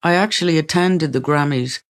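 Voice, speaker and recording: A man reading a first-person memoir aloud in a steady way, with dry, wry asides. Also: on the high side, moderate pace. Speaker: audiobook reader.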